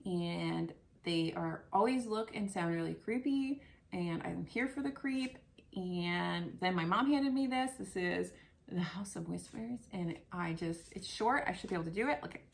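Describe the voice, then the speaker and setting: A woman's voice: lowish voice, gravelly. A woman chatting casually and rambling a little as she shows off books on her vlog, self-deprecating and talkative. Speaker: book vlogger. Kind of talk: casual book haul chat. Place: home, at a table of books.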